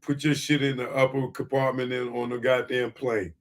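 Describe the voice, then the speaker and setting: A man's voice: mid-range voice, little pitch movement, moderate pace. A man hosting a live comedy commentary stream, loose and profane, breaking into mocking impressions. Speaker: comedian host. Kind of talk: live stand-up style commentary.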